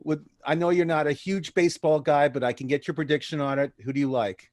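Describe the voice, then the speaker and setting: Podcast host guy, slightly high voice, upbeat and chatty. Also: fairly even intonation, fast talker, darkish tone. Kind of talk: casual interview chat.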